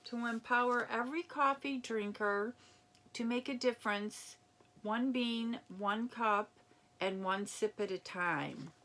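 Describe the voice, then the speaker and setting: A woman chatting casually as she unboxes a gift package, reading labels aloud and reacting with excitement. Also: fairly high pitch, takes it slowly. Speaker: unboxing vlogger. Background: crinkling packaging.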